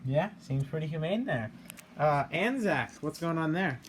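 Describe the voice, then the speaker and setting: A man's voice: on the high side, expressive, moderate pace. A man hosting an online strategy game, asking each player for updates, hesitant and full of fillers. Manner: hesitant, many fillers, laughs often. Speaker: game host. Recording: light background noise.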